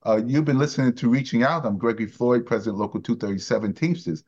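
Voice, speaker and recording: New union radio host, lo-fi. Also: male voice, medium pitch, steady tone, quick pace, a little mellow. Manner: leading, conversational questioning. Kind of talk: radio interview. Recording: dull lo-fi radio sound.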